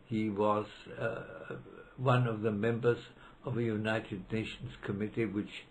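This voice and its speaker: A man's voice: fairly low pitch, little pitch movement, a little slow, low-quality recording. Man in his nineties, reminiscing interviewee, hesitant delivery with fillers, faint hiss. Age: 90s. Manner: hesitant, with many fillers and restarts. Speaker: interviewee, retired law professor. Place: library room.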